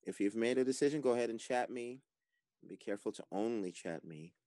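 A man hosting and narrating an online werewolf game over voice chat, announcing each phase calmly. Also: mid-range voice, brisk, no room sound. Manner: calm, procedural announcing. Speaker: game master and stream host.

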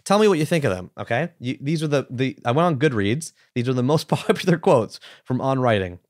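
A man's voice: medium pitch, expressive, a little fast, no room sound, studio quality. A man hosting a conversational podcast interview, talking in an eager, emphatic way. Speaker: podcast host.

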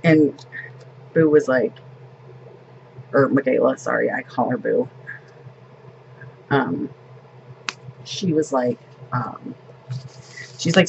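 Slow, gravelly-voiced grandmother chatting. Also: very deep voice, darkish tone, muffled recording, a little hiss or hum. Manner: chatty, rambling storytelling. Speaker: planner vlogger and grandmother. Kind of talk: casual chat.

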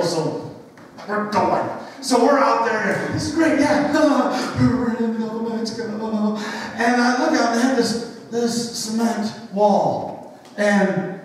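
A man's voice: high-pitched, unhurried. A man preaching a sermon as a youth pastor, telling stories animatedly and acting out the voices of the people in them. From western New York. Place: church sanctuary. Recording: echoey church hall from far off, faint noise.

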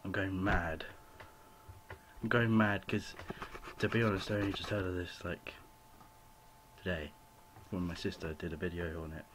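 Young guy ranting into his laptop mic at home, lowish voice, faint hiss behind. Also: fairly even intonation, moderate pace, pauses often. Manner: rambling, apologetic, full of "you know" fillers. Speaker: vlogger. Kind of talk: rambling home video rant. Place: home room with a cat.

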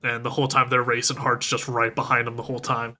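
A man's voice: mid-range voice, little pitch movement, quick pace, bright, forceful tone. A man co-hosting a podcast, casually retelling a movie's plot and acting out the characters' lines. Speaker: podcast co-host recapping a film. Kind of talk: casual chat.

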